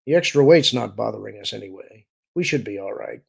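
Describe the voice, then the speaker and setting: A man reading as a sarcastic, gruff starship pilot. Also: on the low side, animated, fairly quick, exaggerated voice. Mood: wry. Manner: dry, clipped, sarcastic. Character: sardonic male starship pilot, blunt and wry.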